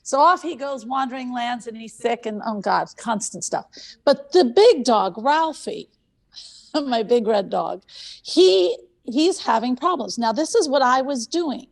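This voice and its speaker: Animated gravelly-voiced woman hosting a talk. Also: fairly high pitch, measured pace. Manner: animated storytelling, repeats phrases for emphasis. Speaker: conference host. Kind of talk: conference talk.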